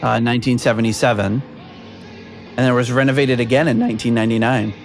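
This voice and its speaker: A man's voice: mid-range voice, fairly even intonation, fast, faint music behind. A man hosting a podcast in casual chat over a video call, rambling with lots of fillers and frequent laughs. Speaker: podcast host.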